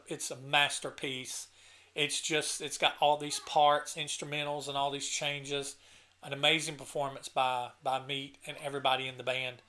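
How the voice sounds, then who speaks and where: A man's voice: fairly high pitch, bright, forceful tone. A man hosting his own channel, talking casually and emotionally about his favorite songs, at times choked up, often restarting his sentences. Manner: enthusiastic and earnest. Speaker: channel host reviewing an album. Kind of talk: casual talk to camera.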